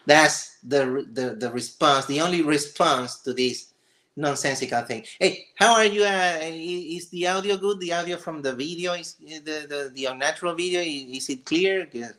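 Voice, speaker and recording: A man's voice: a little high, moderate pace. Sarcastic man ranting on a livestream. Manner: sarcastic, exasperated, stammers when excited. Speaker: livestream host. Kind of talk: casual reaction commentary.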